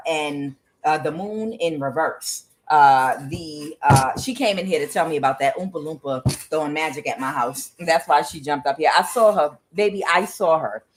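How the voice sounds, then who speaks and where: A woman's voice: deep voice, slight background noise, rough recording. A woman giving a casual tarot reading, talking bluntly with profanity and drifting into rambling asides to her cat. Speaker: tarot reader.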